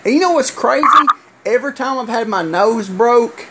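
A middle-aged man, a former wrestler telling stories in casual chat, halting and full of fillers. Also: extremely high pitch, lively intonation. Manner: rambling, halting with many fillers. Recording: loud hiss with clicks.

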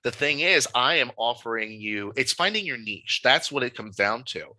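A man, a podcast guest, telling stories from his life in a casual, animated and emphatic way. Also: mid-range voice, normal speed, no room sound, low-quality recording. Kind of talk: casual storytelling.

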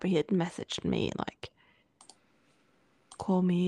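A woman co-hosting a podcast, telling a personal story in casual talk, often sinking into a breathy near-whisper and acting out what others said. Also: fairly low pitch, steady tone, unhurried, dark tone, dry recording. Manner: quotes others in dialogue with many fillers. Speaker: podcast co-host.

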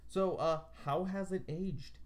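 A woman's voice: lowish voice, slow. A woman co-hosting a podcast, chatting casually about a video game, laughing often and swearing freely. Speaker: podcast co-host.

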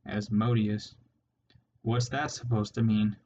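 A man's voice: fairly low pitch, flat delivery, takes it slowly, mellow. A man voicing a menacing, irritable male rat warlord who gives curt orders, in a slightly muffled recording with faint hiss. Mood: irritable, commanding.

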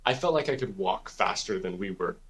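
With a deep, expressive, fairly bright voice, a podcast co-host tells a story fairly quickly. His telling is rambling and casual, with plenty of cursing and constant "like" and "dude."

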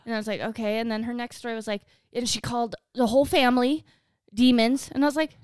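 A woman's voice: high-pitched, brisk, no echo, clean studio sound. A woman co-hosting a podcast, retelling a quarrel in casual chat, quoting others and laughing often. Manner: laughing, quotes others while telling a story. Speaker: podcast co-host.

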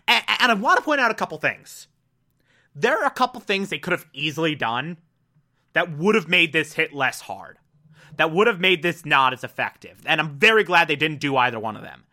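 A man casually reviewing a cartoon episode, animated and emphatic, with mocking asides. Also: a little high.

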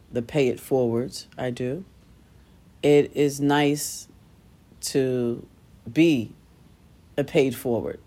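A woman's voice: deep voice, darkish tone. A middle-aged woman hosting a podcast, talking casually and self-deprecatingly, laughing at herself and acting out quoted voices. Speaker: podcast host. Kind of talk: casual solo podcast storytelling.

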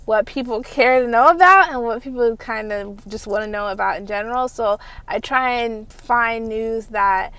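A young woman with a slightly high-pitched voice hosts a podcast. She talks through the week's news in a loose, rambling, chatty way, eager and enthusiastic about the topics she cares for. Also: normal speed, few pauses, a bit bright, clean tone. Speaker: podcast host. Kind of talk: casual anime news roundup.

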